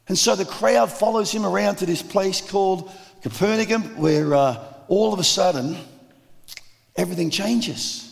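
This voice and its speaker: A man preaching a sermon, lively and acting out the voices of the crowd. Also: sits high, moderate pace, creaky. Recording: long reverb of a large hall.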